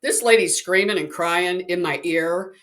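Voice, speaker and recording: Woman, lowish voice, chatty, animated storyteller. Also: unhurried. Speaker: psychic telling a story. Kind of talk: casual storytelling.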